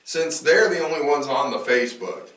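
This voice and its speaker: A man's voice: medium pitch, animated, moderate pace, fairly bright tone, far from the mic. Rambling male podcast host, roomy sound. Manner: loose and rambling, frequent fillers and restarts. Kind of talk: casual podcast chat.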